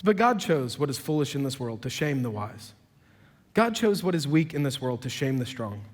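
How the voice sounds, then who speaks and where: A man preaching a sermon as a pastor, emphatic, swinging from low and quiet to loud and raised, with sarcastic joking asides. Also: very animated, moderate pace. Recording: long reverb of a big hall.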